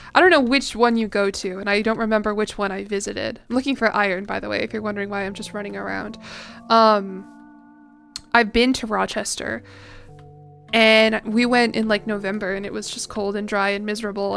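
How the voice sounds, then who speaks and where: A woman's voice: mid-range voice, steady tone, normal speed, gravelly, fairly bright tone, soft background music. A young American woman chatting casually on a game stream, reading chat aloud with a chatty, self-deprecating manner. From United States. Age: young adult. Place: home room.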